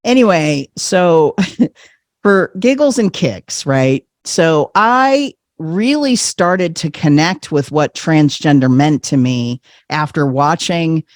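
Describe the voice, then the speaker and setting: A man telling a personal story with animated energy, slipping into other people's voices and laughing often. He is a podcast guest in casual conversation. The sound is close and dry. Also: mid-range voice, no room sound.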